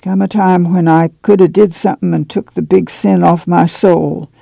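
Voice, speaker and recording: Slow, sad farmer uncle in rural dialect, gravelly and mellow, pitched a little high, read by a man. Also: fairly even intonation, dry recording, full character voice. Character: guilt-ridden, sorrowful middle-aged farmer uncle.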